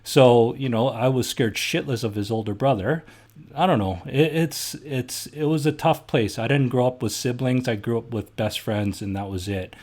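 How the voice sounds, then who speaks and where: A middle-aged Canadian man hosts a podcast, telling stories in a casual, blunt, heated way and swearing freely. His medium-pitched voice is a little mellow and moves at normal speed.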